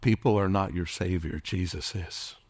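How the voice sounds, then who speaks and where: A middle-aged man preaching a sermon as pastor, impassioned, calling out to the congregation and at times dropping to a hushed whisper. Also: low-pitched, normal speed, slight background noise. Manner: calls out to the congregation for responses.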